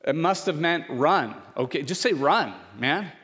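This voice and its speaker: A man's voice: expressive, unhurried, few pauses, big-room sound. A male pastor preaching a sermon, telling a personal story and acting out the voices of the people in it. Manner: storytelling, acts out voices of others with loud raised pitch.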